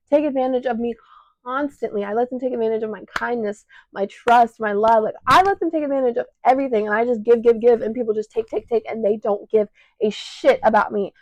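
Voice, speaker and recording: Teen woman, Chicago accent, slightly high voice, dry close sound; tearful, breathless venting monologue on a shirt mic. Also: no echo, poor audio. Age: teens. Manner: raw, venting, choked up, swearing. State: short of breath, choked up. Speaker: podcast host. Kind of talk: emotional personal monologue. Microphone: clip-on mic attached to shirt.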